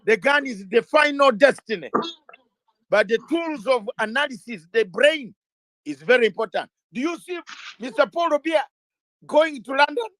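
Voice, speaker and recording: Speaking with an extremely high pitch, a man gives fiery political talk as an interview guest, animated at a moderate pace with a fairly bright tone. The low-quality recording has no echo. He drives his points home through repeated rhetorical questions, occasionally raises his voice, and repeats words when beginning.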